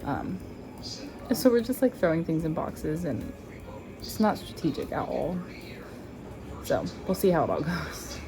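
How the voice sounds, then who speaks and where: A young adult woman and stay-at-home mom, chatting casually while driving and thinking out loud with lots of filler words. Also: low-pitched, big pitch swings, unhurried, long pauses, music in the background. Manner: rambling, talks through her thoughts with many "like"s. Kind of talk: casual chat.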